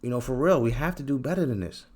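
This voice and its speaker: A man hosts a trading channel and talks his viewers through the charts in a loose, casual way. His voice sits at an ordinary middle pitch. He is animated and teasing, uses plenty of slang, and repeats phrases for emphasis. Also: fast, slightly rough.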